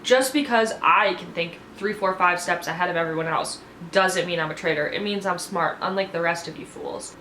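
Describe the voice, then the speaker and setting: A woman's voice: lowish voice, moderate pace, hardly any pauses, pushed and bright, a little hiss or hum. Woman playing a sassy female contestant, haughty, scolding, raised voice, roomy echo. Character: sassy self-assured woman reality contestant.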